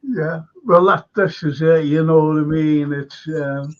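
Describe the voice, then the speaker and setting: A man hosts a live stream and reads viewers' comments aloud in an unhurried, chatty way. His voice sits a little high. The stream audio is dull and lo-fi. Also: steady tone. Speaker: host.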